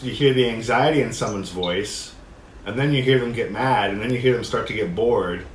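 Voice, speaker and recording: A man teaching a discussion workshop, reading passages aloud and explaining them in a relaxed way, often laughing. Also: medium pitch. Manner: relaxed, laughs often, acts out quoted voices. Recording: echoey room with faint noise.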